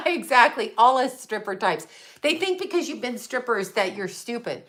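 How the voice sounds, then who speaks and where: A woman's voice: on the high side, sing-song, moderate pace, fairly bright tone. A middle-aged woman hosting a casual livestream, answering viewer comments bluntly and swearing freely. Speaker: psychic livestream host.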